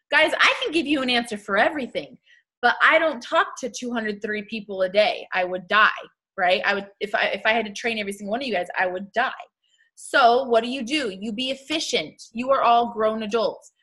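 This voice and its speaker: A young woman talks to her sales team on a casual live stream, chatty and upbeat with frequent laughs. Her voice is bright and a little high. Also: normal speed. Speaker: team leader hosting a live video.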